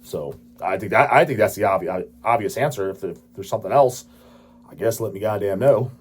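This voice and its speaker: A man's voice: lowish voice, a little fast, breathy edge. A man in his late thirties hosting his own channel, answering viewer questions in a crude, profane, dismissive rant. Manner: crude, swearing, dismissive ranting. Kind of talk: profane ranting casual talk.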